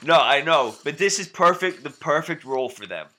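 A man's voice: a little high, animated, fairly quick, bright, forceful tone. A man co-hosting a wrestling podcast, chatting casually and enthusiastically, often restarting his sentences. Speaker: podcast co-host.

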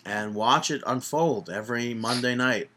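A man with a bright, forward, slightly tense voice, co-hosting a casual podcast. He keeps up a joking, bantering back-and-forth and steers the show between segments. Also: mid-range voice, normal speed, a little hiss or hum. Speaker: podcast co-host. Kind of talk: casual chat.

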